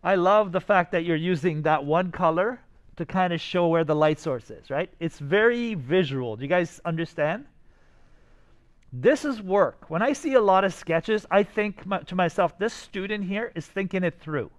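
A man's voice: high voice, lively intonation, moderate pace. A man teaching a design class and reviewing student sketches, enthusiastic and always checking in with his students. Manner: enthusiastic, talks to students directly with many "right?" checks.

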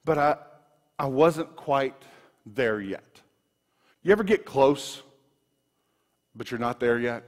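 A man preaching a sermon, telling personal stories in an animated way with frequent restarts, in a church sanctuary. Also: mid-range voice, slow pace, long pauses. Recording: long reverb of a large room.

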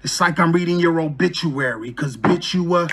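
A man's voice: on the high side, moderate pace, a bit bright, husky. A man reading his battle rap verse from notes, mocking his opponent with punchline after punchline. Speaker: battle rapper.

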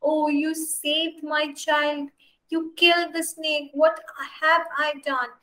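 A teacher playing a frantic farmer's wife. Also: female voice, fairly high pitch, animated, unhurried, fairly bright tone, rough recording. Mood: anguished. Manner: worried, then shrieking in horror. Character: frantic young farmer's wife, anxious mother.

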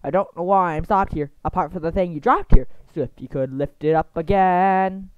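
A woman's voice: on the low side, normal speed, clear, resonant tone, dry recording, phone-quality sound, voice pushed down, close to an everyday voice. A woman voicing a cheeky little tank engine. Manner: singsong, wandering into odd accents.

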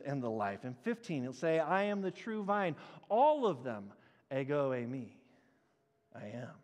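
Pastor guy preaching in a church, kinda high voice, big hall echo, gets really animated. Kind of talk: sermon. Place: church sanctuary.

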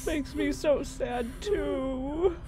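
Slow, high-voiced sentimental gamer woman. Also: over music. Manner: sentimental, reads game prompts aloud. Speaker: gaming YouTuber. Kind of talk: let's-play commentary.

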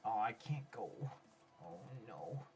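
A man doing casual let's-play commentary, excitable, swearing and talking to other players, swinging from low mutters to sudden yells. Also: slow. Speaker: gaming YouTuber. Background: faint background music.

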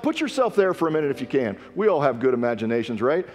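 A man's voice: mid-range voice, big pitch swings, fast, soft background music. Preaching man in an echoey church. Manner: earnest preaching, reading scripture aloud with rising emphasis. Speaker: pastor. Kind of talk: sermon. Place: church sanctuary.

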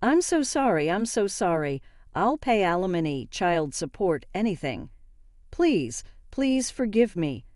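A defensive, blustering husband caught out in his lies, read by a woman narrating a story. The voice sits low and mellow. It is recorded dry and close, with no room sound. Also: very animated, measured pace, no echo. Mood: pleading. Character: cheating bitter middle-aged husband.

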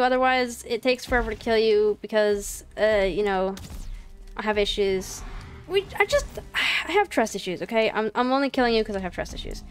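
A woman's voice: mid-range voice, animated, a little fast, clean tone, faint music behind. A woman commentating her own gameplay in a casual, playful way, chatting to the game's creatures and apologizing to them. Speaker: gaming channel host.

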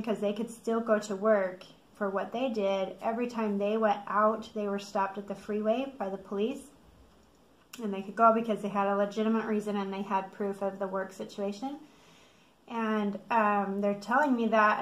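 A middle-aged American woman telling a story casually for a vlog, lively, laughing often and acting out quotes. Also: medium pitch. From United States. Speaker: vlogger. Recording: echoey room.

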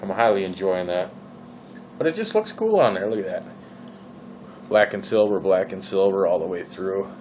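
Man, Minnesotan accent, low pitch, rambling casual vlog rant, faint background noise. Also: lively intonation, normal speed, long pauses, a little mellow, low-quality recording. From Minnesota, USA. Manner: rambling, with frequent fillers and exasperated questions. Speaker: vlogger.

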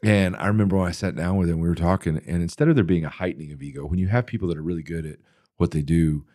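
A middle-aged man hosting a podcast, telling stories in a rambling, animated way with many fillers. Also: deep voice, very fast, no room sound, studio quality. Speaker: podcast host answering listener questions. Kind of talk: casual interview talk.

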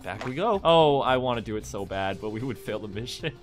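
A man's voice: mid-range voice, expressive, fairly quick, music in the background. A man hosting a co-op game video, chatting casually, teasing his friend, swearing freely and laughing often. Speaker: gaming channel host. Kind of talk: casual co-op gameplay commentary.

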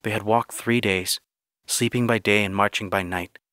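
A man's voice: lowish voice, fairly even intonation, normal speed, fairly bright tone, dry recording, clean studio sound. A man reading a short story aloud in the first person, with wry, gritty storytelling. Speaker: narrator.

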